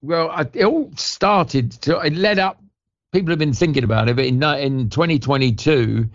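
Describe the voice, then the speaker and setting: An older English actor, a guest on a radio show, telling stories in a rambling way over the phone. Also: male voice, on the high side, moderate pace. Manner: rambling, warm anecdotal storytelling with restarts. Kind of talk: radio interview chat. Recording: lo-fi phone line.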